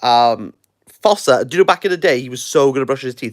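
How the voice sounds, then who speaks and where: Jokey Welsh man with a lively voice. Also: mid-range voice, a little fast, no echo, studio quality. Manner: rambling, jokey, playfully sarcastic. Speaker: book reviewer. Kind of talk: casual livestream chat. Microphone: phone.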